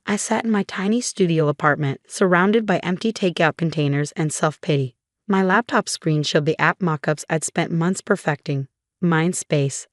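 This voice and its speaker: A woman with a fairly low voice tells a first-person story in a steady, measured way. The recording is dry and close, with no room sound. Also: no room sound. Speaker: narrator.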